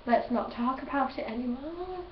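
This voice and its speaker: A woman's voice: sits high, lively intonation, moderate pace, slight background noise. A young woman vlogging in a chatty, gushing way and laughing often as she answers questions. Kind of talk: casual chat. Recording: roomy, distant, dull home recording.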